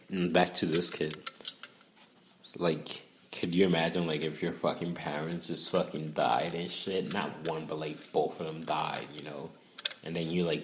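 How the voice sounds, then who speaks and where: A man's voice: very deep voice, slight background noise. A young man, rambling casually and profanely in a laid-back monologue.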